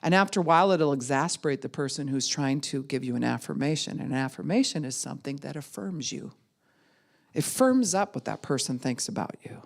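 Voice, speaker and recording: A woman pastor teaching a class in a conversational way, acting out other people's words in quick voices. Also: very deep voice, lively intonation, gravelly. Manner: conversational, with frequent "you know" and "right?".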